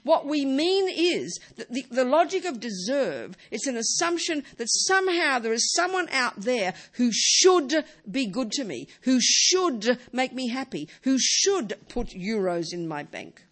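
A woman's voice: high voice, big pitch swings, measured pace, hardly any pauses. A woman teaching Buddhism in a talk, emphatic and full of rhetorical questions.

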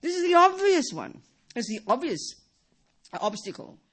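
Unhurried and a bit bright, a woman's high voice with big pitch swings carries a Buddhist dharma talk. She talks in bursts, repeating and restarting phrases while continually asking the audience rhetorical questions.

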